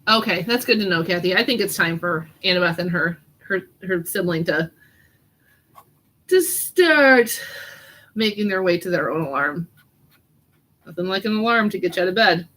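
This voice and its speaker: This woman talks a little fast in a lowish, slightly bright voice, captured in low quality. As she doodles on a casual live stream, she jokes with her kid and reads comments from viewers.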